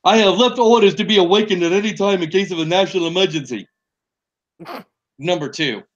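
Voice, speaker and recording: A man's voice: high voice, fairly quick, highs cut off, voice pushed up, natural voice. A man doing a clumsy, pompous politician impression. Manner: stiff, overblown delivery, admittedly bad.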